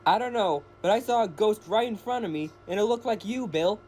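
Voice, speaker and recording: A man's voice: high-pitched, brisk, a little hiss or hum. A man voicing a startled, anxious male train engine. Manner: anxious, excitable.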